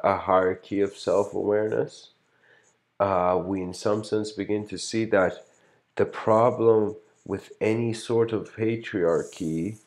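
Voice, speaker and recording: A man with a deep voice and a darkish tone gives a casual lecture over a livestream. He rambles reflectively in a philosophical way, leaning heavily on "you know."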